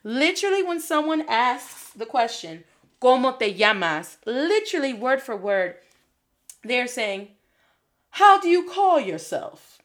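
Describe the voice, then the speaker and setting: A woman teaching a Spanish lesson, drilling phrases with lively repetition and switching languages. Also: on the high side. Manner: animated, switches between English and Spanish, repeats phrases for drill. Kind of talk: energetic video lesson. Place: Detroit.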